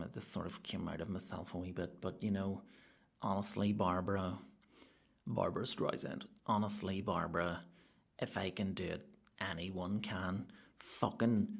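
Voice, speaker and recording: A Northern Irish man talks through a rambling comic monologue in a slightly low voice. He swears freely, and quieter asides give way to sudden loud rants. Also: gravelly, slightly rough. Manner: profane, ranting, with sudden loud outbursts. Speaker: stand-up comedian and podcast host.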